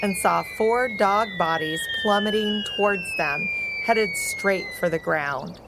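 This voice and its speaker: A woman co-hosting a podcast, narrating a children's story in a slow, expressive and playful way. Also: medium pitch, heavy background noise. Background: music.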